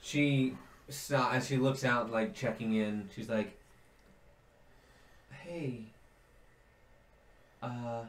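Game master, man, unhurried and rambling, low voice, roomy recording. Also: fairly even intonation. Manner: rambling, many fillers, searching for words. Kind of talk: narrating a tabletop game. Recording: roomy echo.

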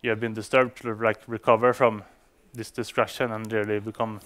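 A man's voice: on the low side, level tone, a little fast, a bit bright. A man giving a conference talk to developers, speaking English as a non-native speaker, with frequent fillers and restarts. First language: Swedish. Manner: hesitant, many fillers and restarts.

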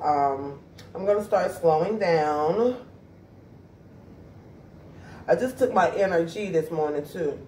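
A woman with a low, somewhat dark voice chats casually with her viewers in a home vlog, talking straight to them from her home and backyard. Faint hiss or hum sits under the audio, which was caught on a camera mic and sounds distant with a roomy echo.

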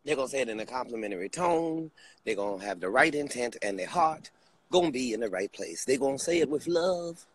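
Expressive and a little fast with a breathy edge, a man rants comically, shifting between loud outbursts and quiet asides. He keeps making repeated appeals in the style of a preacher.

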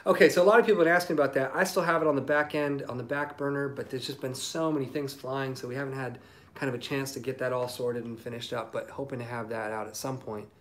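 Talking fast in a medium-pitched voice, this singer-songwriter hosts a casual livestream through his phone mic. He reads out viewer comments, relaxed and rambling, with lots of ums.

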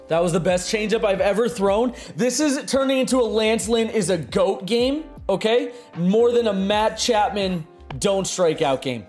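Excitable young man, high lively voice. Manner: excitable, swings from muttering to shouting. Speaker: gaming streamer. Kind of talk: live gameplay commentary.

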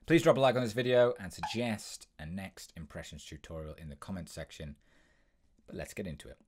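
A young man hosting a tutorial, explaining voice impressions in a brisk, instructive way with the odd um. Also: deep voice, darkish tone, breathy edge. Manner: brisk, instructive, with frequent ums.

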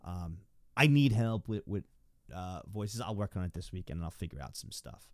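A man's voice: sits low, sing-song, moderate pace, dry recording. A young man streaming from home, rambling and stammering as he thanks his viewers. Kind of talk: live stream chat.

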